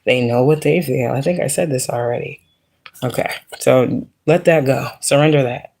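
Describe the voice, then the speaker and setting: A woman's voice: a bass voice, normal speed, vocal fry, a little mellow. Profane, joking spiritual reader woman. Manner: blunt, profane, joking asides. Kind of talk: casual spiritual reading.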